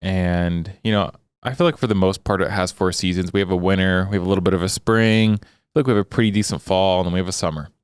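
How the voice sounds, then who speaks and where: A man's voice: deep voice, steady tone, fast, clean tone, no echo. A young man co-hosting a podcast, chatting casually in a rambling, jokey way. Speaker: podcast co-host. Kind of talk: casual chat.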